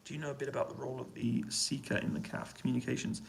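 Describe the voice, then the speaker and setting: A British man talks in a relaxed, hushed way, reading out and answering questions from his stream chat. His voice sits at an ordinary pitch and has a gravelly, fried texture. A faint hiss runs under the recording in a small hotel room. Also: very fast, rough recording. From United Kingdom. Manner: relaxed, quiet voice to avoid waking neighbours. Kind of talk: casual live-stream chat. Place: hotel room on an army base.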